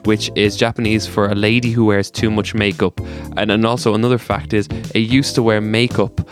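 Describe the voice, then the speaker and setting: A man's voice: fairly low pitch, little pitch movement, fairly quick, soft background music. A man co-hosting a podcast, rambling through stories in a laid-back, sweary way. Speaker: podcast co-host. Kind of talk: casual chat.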